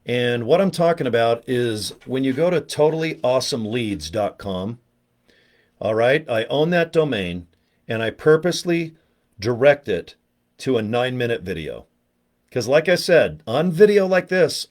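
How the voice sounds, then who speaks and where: A man's voice: mid-range voice, expressive, moderate pace, a little mellow. A man hosting a casual live stream, rambling and joking with viewers in the chat and poking fun at himself. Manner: joking, rambling, self-mocking; talks to viewers in the chat by name. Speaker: livestream host promoting products.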